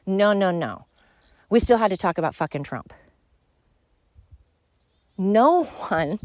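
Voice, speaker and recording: A woman's voice: fairly low pitch, no room sound. A woman in her fifties hosting a solo podcast, ranting in a heated, emphatic way, swearing and repeating words for emphasis. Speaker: podcast host. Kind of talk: opinionated solo podcast rant.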